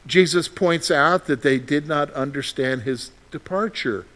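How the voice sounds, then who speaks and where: A male pastor preaching a sermon, animated, asking his congregation questions and candidly sharing his own frustrations. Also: a little high, unhurried, poor audio. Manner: candid, shares personal frustrations.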